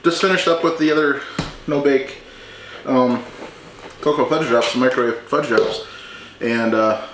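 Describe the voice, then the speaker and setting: A man's voice: medium pitch, steady tone, a little slow, pauses often, fairly bright tone, a little hiss or hum. A man hosting a casual home cooking video, chatty and joking as he works, teasing his mother. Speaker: home cooking show host. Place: home kitchen. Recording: echoey kitchen with dish clatter. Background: clinking dishes and utensils.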